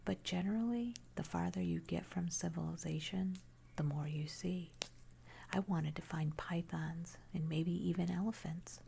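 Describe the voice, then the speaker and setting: A woman narrating a first-person horror story in a hushed, unvoiced whisper throughout. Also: fairly low pitch, normal speed, creaky, slight background noise.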